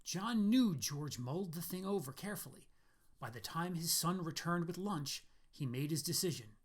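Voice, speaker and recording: A man with a slightly high voice reads his own short story aloud. His delivery is steady and even, a plain scripted narration. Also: moderate pace. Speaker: author reading his story.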